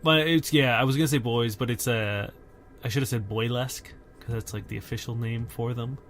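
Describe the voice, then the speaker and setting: A man's voice: medium pitch, a little fast, a little hiss or hum. A young man co-hosting a podcast in casual chat, candid and full of fillers. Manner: chatty, filler-heavy, candid. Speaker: podcast co-host.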